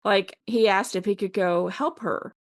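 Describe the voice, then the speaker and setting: A middle-aged woman talking casually on a podcast. Her voice sits in a middle pitch, and she rambles through stories with fillers and easy laughter. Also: a little slow. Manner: chatty, rambling, laughs often, many fillers. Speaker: podcast co-host. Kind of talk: casual chat.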